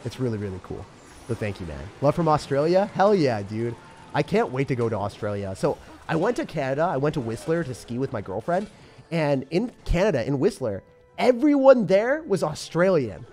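A man's voice: a little high, sing-song, moderate pace, darkish tone, faint music behind. A young man chatting casually and upbeat on a live game stream, rambling with lots of fillers. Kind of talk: casual live-stream chat while gaming.

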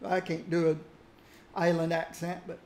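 A man casually reminiscing about old games while he plays, musing aloud in a relaxed way. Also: a little high, moderate pace. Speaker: gaming streamer. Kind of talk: casual commentary while playing.

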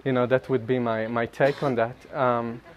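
Animated man giving a spiritual talk. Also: mid-range voice, moderate pace. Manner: animated and self-mocking, laughing often mid-sentence. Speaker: speaker sharing at a group retreat.

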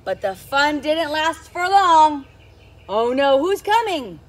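A woman who is a children's storyteller, reading a picture book aloud to young children in an animated teacher's voice that keeps asking them questions. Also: high voice, takes it slowly. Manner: animated, sing-song teacher talk with questions to the kids.

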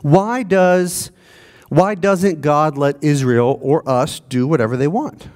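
A man's voice: fairly high pitch, takes it slowly, a little mellow. Man preaching in a conversational voice. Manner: conversational preaching with rhetorical questions. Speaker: pastor. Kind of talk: sermon. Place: church.

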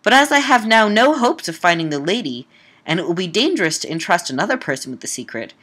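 A woman's voice: on the low side, sing-song, quick pace, a bit bright, husky, full character voice. Woman reading as a frightened Gothic heroine. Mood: distressed. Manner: breathless, anguished exclamations.

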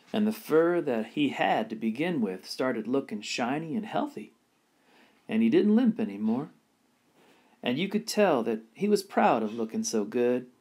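A man reading a children's chapter book aloud, his mid-range voice rising and falling with lively expression. He tells the story with an animated, storytelling lilt. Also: medium pitch, husky. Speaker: reader.

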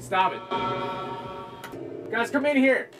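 An excited young male musician bantering in a recording studio, cursing and laughing. His voice is high and jumps around a lot. He is picked up from across the room, with loud music playing. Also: slow. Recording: distant mic, loud music behind.

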